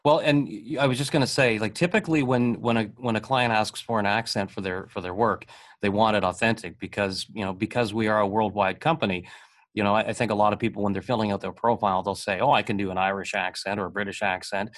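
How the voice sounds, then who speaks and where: A man hosting an interview podcast, talking quickly in a somewhat low voice. He is eager and chatty, often stumbling and restarting his sentences. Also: steady tone, a bit bright. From North America. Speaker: podcast host. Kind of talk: casual interview talk.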